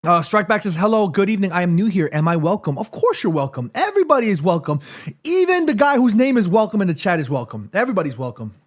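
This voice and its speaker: A livestream host with a sore throat runs a casual watchalong from his home room, chatting, reading chat messages aloud, and eating between lines. He talks fast in a high voice with big pitch swings.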